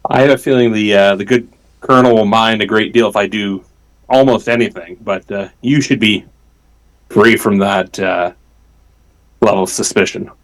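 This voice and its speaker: A man's voice: on the low side, normal speed, low-quality recording. A man playing a tabletop game, speaking in a wry, hesitant way with many fillers. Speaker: tabletop player. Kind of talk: casual in-character game chat.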